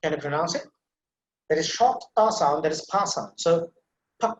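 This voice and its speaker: A man's voice: a little high, expressive, moderate pace, a little hiss or hum. A man teaching a pronunciation class, breaking words into sounds syllable by syllable and repeating them for learners to copy. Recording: echoey room.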